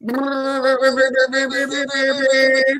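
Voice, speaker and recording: A young adult woman co-hosting a casual live-stream chat, animated and playful, slipping into exaggerated voices. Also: sits high, very slow. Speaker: co-host.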